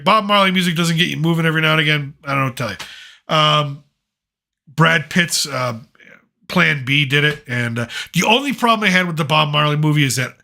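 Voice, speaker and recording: A man's voice: a little high, creaky, pushed and bright. A middle-aged man hosting a casual chat, rambling and opinionated with plenty of fillers. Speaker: podcast host, father.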